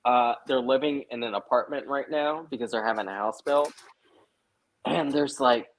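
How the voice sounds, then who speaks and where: In casual chat as a guest on a live stream, a young man recounts a story full of profanity and frequent "like" fillers. He talks at a moderate pace with a medium-pitched voice, and the audio quality is poor.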